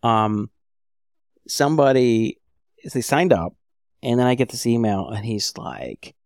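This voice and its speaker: A man's voice: mid-range voice, expressive, measured pace, a little mellow, no echo, clean studio sound. A middle-aged man co-hosting a casual podcast, telling a rambling story and acting out the emails he quotes. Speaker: podcast co-host.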